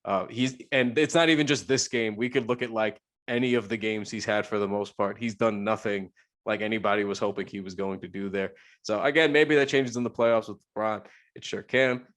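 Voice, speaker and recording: A man with a fairly low voice, chatting casually as a podcast co-host. He rambles, circles back and restarts his sentences as he works through his thoughts. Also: a little fast, fairly bright tone. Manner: rambling, many restarts and fillers. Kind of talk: casual sports chat.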